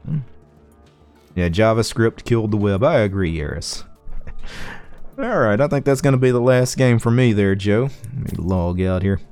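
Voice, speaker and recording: A man chatting casually on a live game stream, reading chat messages aloud and answering them in a relaxed way. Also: lowish voice, normal speed, soft background music.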